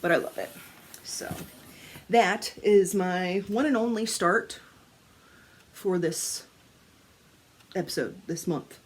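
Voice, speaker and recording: A woman's voice: fairly low pitch, slow, pauses often, slight background noise. A woman, chatting casually to camera as a crafting vlogger, telling stories with laughs, swearing and acted-out quotes. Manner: animated storytelling, swearing, laughing, acting out quotes.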